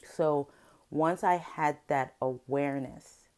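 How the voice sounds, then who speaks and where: Slow and low, with a clean, slightly mellow tone, a middle-aged woman pours out an upsetting story on her confessional vlog. This vlogger and therapist is emotional and venting, with frequent restarts.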